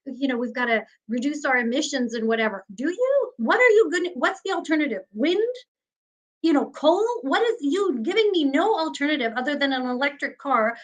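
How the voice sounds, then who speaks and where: Woman, high voice, fired-up interview guest who vents and curses. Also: a bit bright, poor audio. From Canada. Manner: indignant, ranting, swears freely. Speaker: guest, former news director. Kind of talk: heated interview talk.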